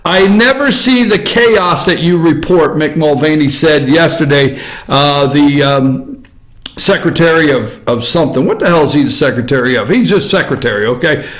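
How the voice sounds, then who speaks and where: A man's voice: fairly high pitch, lively intonation, moderate pace, a bit bright, roomy sound, poor audio. A man hosting an opinionated news commentary show from an office, talking in a blunt, emphatic, ranting way and swearing freely. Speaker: political commentary show host.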